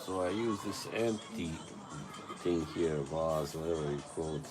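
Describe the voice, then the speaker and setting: Slow, low-voiced Serbo-Croatian-accented livestreamer. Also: male voice, over music, rough recording. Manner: rambling, laughs often, swears. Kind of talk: casual livestream chat. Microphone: tablet device mic.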